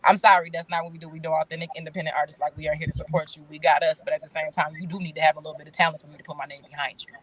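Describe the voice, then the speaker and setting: A woman's voice: low-pitched, little pitch movement, rapid-fire, hardly any pauses. A woman in her thirties, a talk show guest, speaking candidly in casual chat with blunt, slangy phrasing. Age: 30s.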